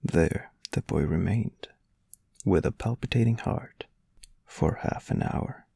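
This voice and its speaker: Man, audiobook narrator, very low pitch, heavy fry, dry close sound. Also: animated, mellow, dry recording. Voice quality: gravelly, husky. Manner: measured storytelling reading. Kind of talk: scripted narration of a classic novel.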